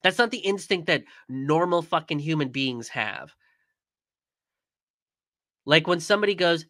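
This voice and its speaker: A man's voice: sits high, unhurried, pauses often, bright, forceful tone, dry recording. A young man commenting in a casual stream, angry and profane, with many fillers and restarts.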